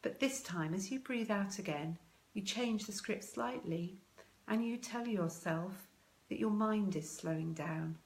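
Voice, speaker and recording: A woman giving parents advice in a live video talk, calm, slow and measured, pausing with many ums as she guides a breathing exercise. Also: on the low side. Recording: echoey room.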